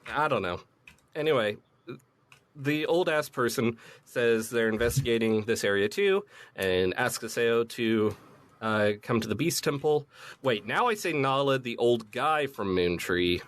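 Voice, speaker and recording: A man casually recapping a video game's story on a podcast, swearing freely and retelling scenes with quick quotes. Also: medium pitch, lively intonation, fairly bright tone. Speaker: podcast host recapping a game. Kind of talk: casual chat.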